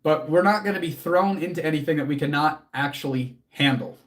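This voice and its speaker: A man's voice: on the high side, a little fast. Earnest, emotional man coaching his chat. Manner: earnest and motivational, swears casually; emotional, close to tears. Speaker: fitness coach and livestream host. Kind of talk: casual livestream talk answering chat.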